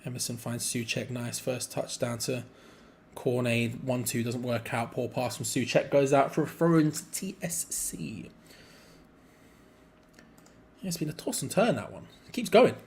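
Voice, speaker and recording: A young man hosting a live football watch-along, mixing quick play-by-play with rambling chat and sudden excited outbursts. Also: mid-range voice. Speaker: fan channel co-host.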